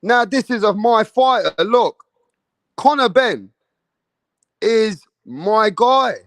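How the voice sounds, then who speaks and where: A young British man with a high, animated voice speaks slowly, his tone a bit bright and free of room sound. He hosts a boxing channel and rants heatedly at his viewers, swearing and repeating himself in this commentary video.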